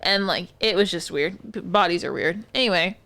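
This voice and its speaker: A woman's voice: on the low side, moderate pace, no echo. A woman co-hosting a podcast, telling a work story in casual chat, swearing freely and acting out the people she quotes. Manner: profane, animated, acts out quoted voices. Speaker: podcast co-host.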